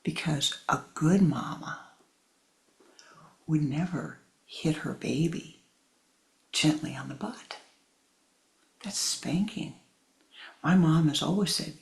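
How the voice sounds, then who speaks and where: Slow, gravelly woman spiritual teacher. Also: deep voice. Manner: storytelling, acting out voices, deliberate. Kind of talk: sermon.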